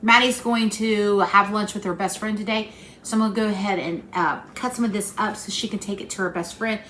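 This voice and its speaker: A woman with an Appalachian accent hosts a home cooking channel, baking in her kitchen while chatting to viewers in a folksy, friendly way. Her mid-range voice is fairly even in intonation, fairly quick and fairly bright, with a little hiss or hum on the audio.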